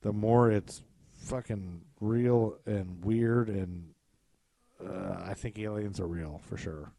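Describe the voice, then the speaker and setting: A man's voice: fairly low pitch, slow, gravelly, dark tone, dry recording. A man co-hosting a podcast, chatting casually and animatedly, swearing freely and trailing off with fillers. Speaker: podcast co-host. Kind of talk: casual chat.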